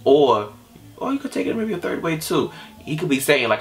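A young man in a casual reaction vlog, talking straight to his viewers in an animated, slangy way. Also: on the high side, normal speed, creaky, faint music behind. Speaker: YouTube music reactor.

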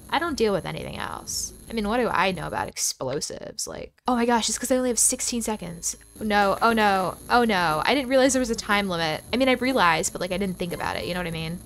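A woman hosts a gaming channel, offering casual let's-play commentary that's chatty and excitable, full of dramatic exclamations. Her voice sits at a medium pitch, and she talks quickly with few pauses.

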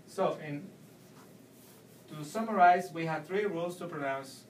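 A man giving a Spanish pronunciation lesson, slowly explaining and repeating example words. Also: on the high side, slight background noise. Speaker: Spanish teacher. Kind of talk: video language lesson. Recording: echoey room, mic at a distance.

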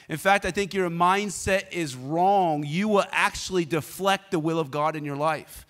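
Pastor, male, fairly high voice, lively conversational preaching that calls on the congregation, long church reverb. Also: normal speed, few pauses. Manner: energetic, conversational, prompts the congregation to respond. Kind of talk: sermon with personal storytelling.

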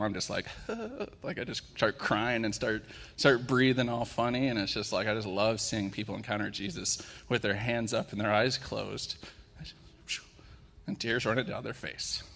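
A man in his thirties preaching in a church, soft-spoken and openly emotional. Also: mid-range voice, gravelly. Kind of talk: sermon with worship prayer. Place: church sanctuary. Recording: long hall reverb in church.

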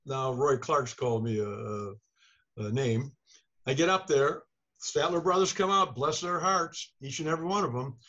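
A man's voice: medium pitch, dull audio. An older man, an author being interviewed, telling a rambling, self-deprecating anecdote in casual talk, acting out the people he quotes. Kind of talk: casual storytelling.

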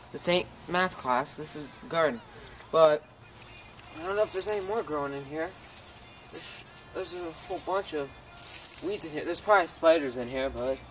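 A man's voice: high voice, a bit bright, slight background noise, rough recording. A tired man rambling casually as he shows his garden, talking to his dog along the way. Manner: rambling, self-interrupting, talks to his dog. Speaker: home gardener. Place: outdoor garden.

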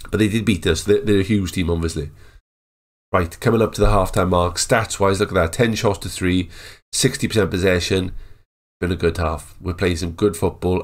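A man giving casual, excitable commentary over a football management game, chatting and joking as the match plays. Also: low voice. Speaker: gaming YouTuber. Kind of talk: casual Let's Play commentary.

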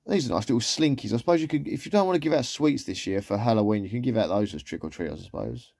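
Male vlogger, easygoing and rambling, mellow voice, dry close sound. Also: mid-range voice, lively intonation, fast, vocal fry, husky, no echo. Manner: chatty, rambling, with trailing asides. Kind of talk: casual shopping haul commentary.

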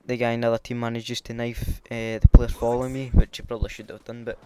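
A man's voice: mid-range voice, monotone, fast, very noisy. A Scottish man giving casual, hesitant commentary over his gameplay, with lots of filler ums. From Scotland. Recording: loud game gunfire behind.

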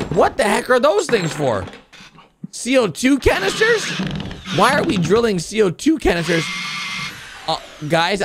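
A man hosting a reaction video, commenting in a casual, excitable, exclamatory way and talking straight to his viewers. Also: high-pitched, background noise.

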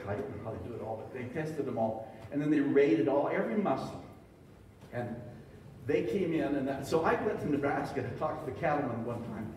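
A middle-aged man from the beef industry gives a conference talk in a meeting hall, sharing folksy, joking anecdotes with a live audience. His medium-pitched voice has a darkish tone, heard from a distance in an echoey hall with slight background noise.

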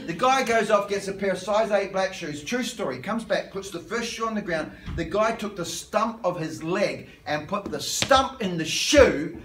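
A man's voice: high-pitched, lively intonation, moderate pace, few pauses, background noise. A man preaching a sermon, telling stories and acting out the characters in comic voices. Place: church hall. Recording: echoey hall, mic from a distance.

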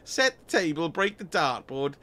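A man's voice: fairly high pitch, big pitch swings, moderate pace, bright, forceful tone, slight background noise. A man giving cheeky, chatty commentary while playing a game on a live stream, swearing and laughing often. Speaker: gaming streamer. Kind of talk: casual let's-play commentary.

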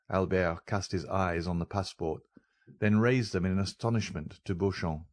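A man narrating a classic novel as an audiobook, steady and unhurried. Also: low-pitched, no echo, clean studio sound. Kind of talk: scripted narration.

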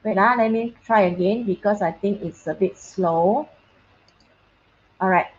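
A woman's voice: mid-range voice, a little slow, muffled recording. A woman teacher giving an online science lesson on a video call, chatty and casual, often checking that her students can hear her and slipping in short Mandarin phrases. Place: online class.

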